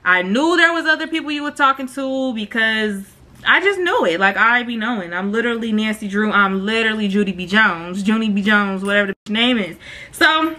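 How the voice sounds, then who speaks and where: Speaking a little fast in a fairly high voice, this storytime vlogger keeps her tale casual and full of slang. She's animated, imitating what each person said.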